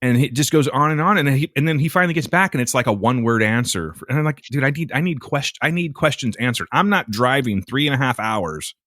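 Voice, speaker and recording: Profane, animated male podcast storyteller. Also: medium pitch, fast, few pauses, no echo, clean studio sound. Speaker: podcast co-host. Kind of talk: casual storytelling chat.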